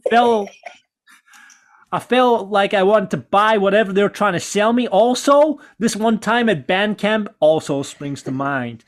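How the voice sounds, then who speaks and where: A man's voice: high voice, animated, measured pace. A Scottish man hosting a football podcast, chatting casually and reading out listener messages with a chatty, upbeat manner. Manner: chatty, upbeat, laughs often. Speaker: podcast host.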